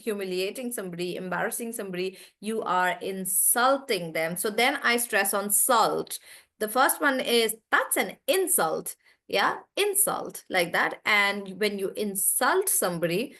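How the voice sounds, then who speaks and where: A woman's voice: mid-range voice, fairly bright tone. A young woman with an Indian English accent teaching an online English class, chatty, giving example sentences and stories.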